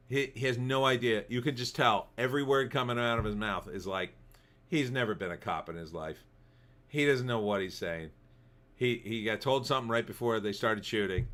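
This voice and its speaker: A man hosts a livestream, rambling casually while reading out viewer comments from the chat. His mid-range voice is a bit bright and moves at normal speed.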